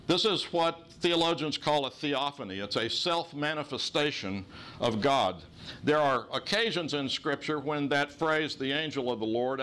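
A man teaching a Bible study class, explaining the passage in a measured, explanatory way. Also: medium pitch, fairly bright tone, slight background noise.

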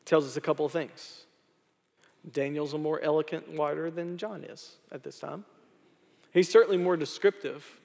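A male pastor preaching a sermon, building emphasis through repetition and closing in quiet prayer. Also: a little high, fairly even intonation, normal speed, gravelly. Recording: long hall reverb.

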